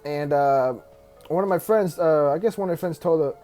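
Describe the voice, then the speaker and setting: A man's voice: fairly high pitch, moderate pace, mellow, soft background music. Rambling young man telling a story. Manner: rambling, laughing, many restarts and fillers. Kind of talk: casual story time.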